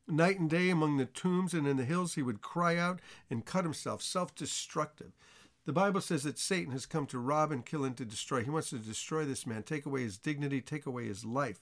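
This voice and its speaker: A man's voice: on the high side, fairly quick. Man preaching a sermon. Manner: reads scripture, then explains it in plain conversational asides.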